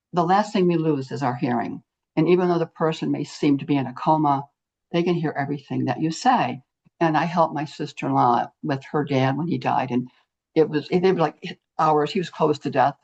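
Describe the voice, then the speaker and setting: A woman's voice: low-pitched, slightly rough. An older woman, a guest in an interview, telling a story earnestly and acting out what people said. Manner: earnest, animated storyteller who acts out quotes. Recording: muffled lo-fi audio.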